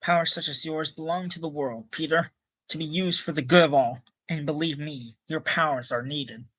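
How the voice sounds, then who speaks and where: A man reading the part of a calm, wise older professor in his own plain voice. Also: a little high, moderate pace, no echo.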